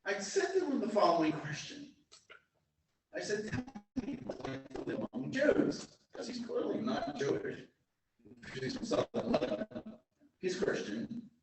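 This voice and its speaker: A man gives an informal lecture, wandering from one anecdote to the next. His voice sits a little high and swoops up and down with lively energy. He is recorded from a distance in a very echoey room. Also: a little hiss or hum. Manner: animated, digressive storyteller. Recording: very echoey room, mic far off.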